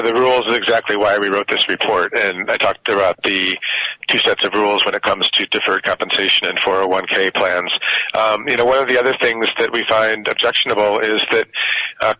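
A man's voice: on the low side, pushed and bright, no room sound, rough recording. A man being interviewed on radio about a report, explaining earnestly with many fillers. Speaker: policy researcher guest.

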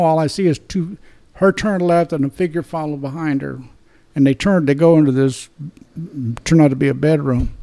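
A man's voice: on the high side, darkish tone. A man in his seventies from Texas, a retired police detective telling a story in an interview in a plain-spoken, blunt way and often restarting and repeating his words. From Dallas, Texas. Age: 70s.

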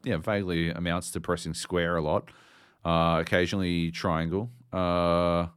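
A man's voice: deep voice, level tone, normal speed, smooth, no room sound, clean studio sound. A man co-hosting a podcast, ranting sardonically and swearing constantly in casual chat. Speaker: podcast co-host.

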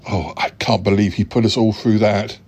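A man's voice: lowish voice, steady tone, moderate pace, a little mellow, breathy edge. A man hosting a comic podcast sketch, talking in an exasperated, indignant way. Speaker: podcast host.

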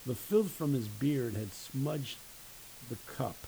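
A man who teaches at a university, preaching a sermon with emphatic, folksy storytelling and dramatic pauses. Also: mid-range voice, dark tone, a little hiss or hum, low-quality recording.

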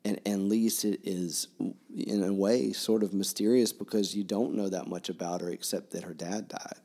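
A man's voice: low voice, fairly even intonation, moderate pace, mellow. A man co-hosting a podcast, talking casually about a novel with many restarts and fillers. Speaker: podcast co-host. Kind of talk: casual book discussion.

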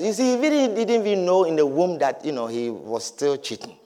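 A man preaching a sermon, repeating his points emphatically and swinging between loud declarations and hushed low lines. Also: normal speed. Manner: repetitive, emphatic, swings from shouts to low murmurs.

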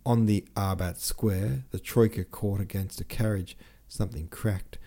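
A man hosting an audiobook podcast, reading a classic novel in a steady, measured way. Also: lowish voice. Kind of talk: scripted narration of a classic novel.

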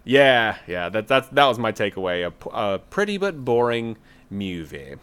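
A man's voice: fairly low pitch, sing-song, moderate pace, fairly bright tone, smooth. A man co-hosting a casual podcast, chatting about movie trailers in a laid-back way, with lots of fillers. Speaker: podcast co-host.

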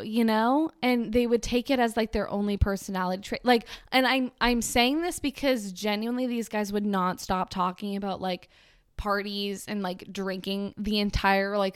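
A woman's voice: mid-range voice, clean tone, no room sound. Woman, 20s, podcast host, sarcastic rambling rant, dry close mic. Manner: sarcastic, rambling, filler-heavy. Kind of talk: casual ranting monologue.

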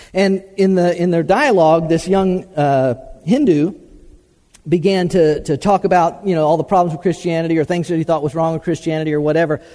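A man preaching a teaching sermon, halting with many hesitations and repeated words, then pressing his points emphatically. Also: on the high side, warm tone, big-room sound. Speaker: preacher teaching a class on the problem of evil. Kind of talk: sermon-style teaching talk.

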